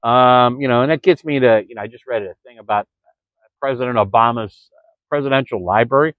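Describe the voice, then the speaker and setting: A man from Florida vlogs in a rambling way, stumbling over his words and calling his audience "folks," early in the morning indoors or near the camera. He has a medium pitch and talks a little fast. The lo-fi audio is dull and dry, with no room sound.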